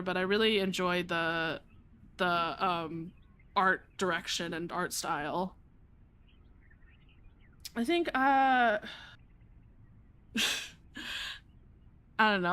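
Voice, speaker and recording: A woman's voice: mid-range voice, lively intonation, unhurried, pauses often, pushed and bright, clear, resonant tone. A woman streamer reading a visual novel aloud and chatting casually, rambling with fillers.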